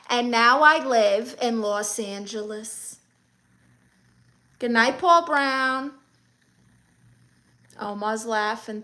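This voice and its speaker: A woman's voice: fairly high pitch, pushed and bright. A woman from Brooklyn with a New York accent, casually chatting on a livestream and reading viewer comments in a sassy, teasing way. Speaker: livestream host.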